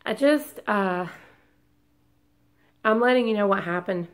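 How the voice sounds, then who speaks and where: Congested woman vlogger, rambling and apologetic, mid pitch. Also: a little slow. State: congested from a long illness. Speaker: beauty vlogger. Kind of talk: casual chat to camera.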